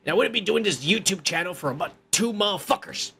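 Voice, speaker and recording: A man's voice: high-pitched, expressive, fast talker, vocal fry, pushed and bright, slight background noise. A male podcast host ranting in crude, heated commentary, swearing and repeating himself.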